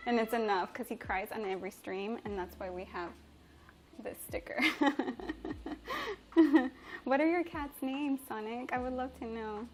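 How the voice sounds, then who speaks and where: A woman's voice: on the high side, measured pace, long pauses, a little mellow, a little hiss or hum. A young woman from Mexico, a native Spanish speaker, chatting casually with viewers on a livestream from her home kitchen, bubbly and giggly. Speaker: livestreamer and chef. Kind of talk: casual livestream chat reading comments.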